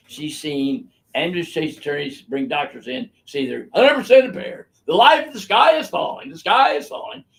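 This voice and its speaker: An older man with a gravelly, medium-pitched voice hosts a live webinar as a physician, answering viewer questions. He tells stories bluntly and emphatically, never shy with his opinions, and he's picked up on a live webinar microphone.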